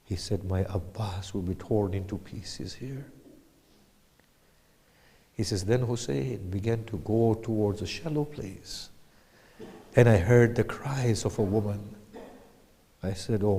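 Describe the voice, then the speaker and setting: A man giving a sermon, retelling a tragic story slowly, swinging from hushed whispers to loud anguished cries. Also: fairly low pitch, long reverb tail. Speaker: lecturer.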